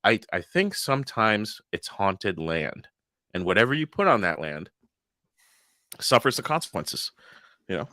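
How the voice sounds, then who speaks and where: A man's voice: lowish voice, very animated, unhurried, long pauses, bright, forceful tone, no echo, studio quality. A young man co-hosting a paranormal podcast in a loose, joking chat, laughing often and swearing freely. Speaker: podcast co-host. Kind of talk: casual chat.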